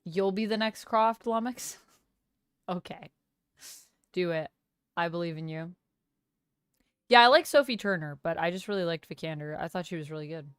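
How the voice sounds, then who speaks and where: A woman's voice: lowish voice, moderate pace, long pauses, clear, resonant tone, no echo, studio quality. A young woman hosting a live stream, chatting casually with her chat, her voice leaping up on surprised questions. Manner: animated, voice leaps up on surprised questions. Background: faint lo-fi music.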